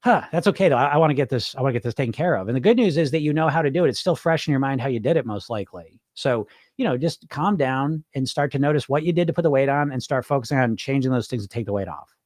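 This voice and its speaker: A man's voice: medium pitch, animated, quick pace, darkish tone, dry recording, clean studio sound. A middle-aged man coaching on weight loss in a loose, rambling live-stream chat, swearing casually and restarting his sentences.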